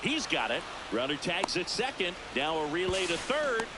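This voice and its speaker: Lively high-voiced play-by-play man. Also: moderate pace, noisy background. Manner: rises sharply on big hits. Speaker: play-by-play announcer. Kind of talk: baseball play-by-play commentary. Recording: game music loud underneath.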